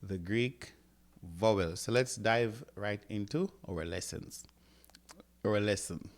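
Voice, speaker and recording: A man's voice: on the low side, slow pace. A man teaching a language lesson, sounding words out and often checking in with "right?". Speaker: Greek teacher. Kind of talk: classroom lecture.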